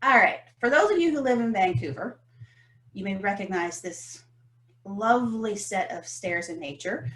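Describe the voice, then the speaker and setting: A woman, co-hosting a podcast and telling a story about business in an animated, emphatic way. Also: mid-range voice, moderate pace. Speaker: podcast co-host. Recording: roomy echo.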